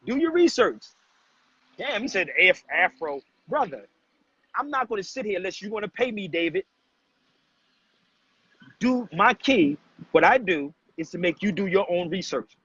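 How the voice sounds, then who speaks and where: Male streamer, high pitch, confrontational and preachy, dull lo-fi sound. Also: a bit bright, slightly rough, dry recording. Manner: preachy, confrontational, addresses chat as family. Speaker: livestream host. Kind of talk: casual livestream talk to viewers. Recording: dull, muffled lo-fi livestream audio.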